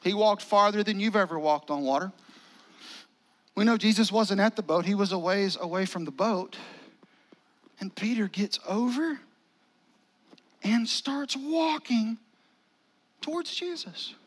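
A male pastor, preaching a sermon in a conversational style with dramatic pauses and near-whispers. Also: high-pitched.

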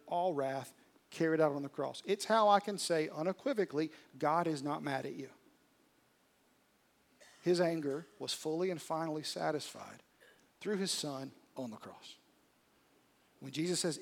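A male pastor with a high voice delivers a sermon in church. He drops to near-whispers, then builds to loud, driving peaks. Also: vocal fry. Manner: dramatic, swings from hushed to loud. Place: church service.

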